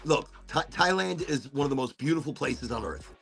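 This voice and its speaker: A man's voice: medium pitch, animated, moderate pace, gravelly, fairly bright tone. A male host running a casual livestream chat show, rambling playfully and swearing freely.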